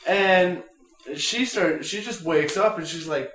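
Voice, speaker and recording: A young man with a high voice tells a crude story among friends, swearing freely and acting out the people in it. The sound is roomy and echoey. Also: takes it slowly. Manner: profane, animated, acts out quotes.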